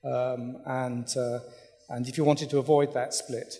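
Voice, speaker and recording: A middle-aged man giving a thoughtful conference talk, pausing often with fillers and restarts. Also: mid-range voice, level tone, dark tone. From Britain. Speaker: conference speaker, newspaper editor. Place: hotel conference hall. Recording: reverberant conference hall.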